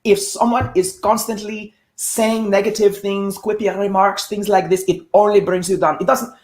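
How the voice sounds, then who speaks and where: A woman co-hosting a sports talk show, making her points emphatically and doubling back on words when she presses hard. Her voice is neither high nor low. The room around her rings with a noticeable echo. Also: little pitch movement, moderate pace, a little mellow. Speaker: podcast co-host.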